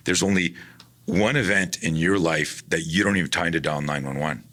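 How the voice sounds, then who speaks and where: A man talking casually in an interview about his work teaching personal defense, animated, acting out the people in his stories with many restarts. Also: deep voice, normal speed. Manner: animated, acts out quoted dialogue, frequent restarts. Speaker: guest, personal defense instructor.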